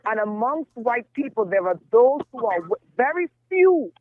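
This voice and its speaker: A woman's voice: fairly high pitch, sing-song, moderate pace, no echo. A woman guest on a call-in show, speaking emphatically and repeating her phrases. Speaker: guest psychic reader. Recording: tinny phone line, dry.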